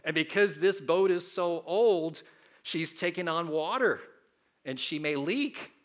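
A man's voice: fairly high pitch, a little slow, fairly bright tone, voice pushed up. A male preacher voicing a blunt, resolute old sea captain in a sermon story.

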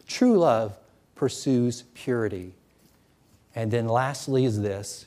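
A man preaching a sermon, animated and acting out scripture with loud exclamations. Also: medium pitch, takes it slowly.

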